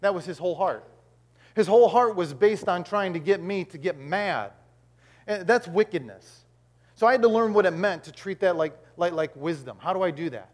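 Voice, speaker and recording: A man's voice: sits high, moderate pace. A middle-aged male pastor preaching a sermon, telling a homely story and acting out the voices in it.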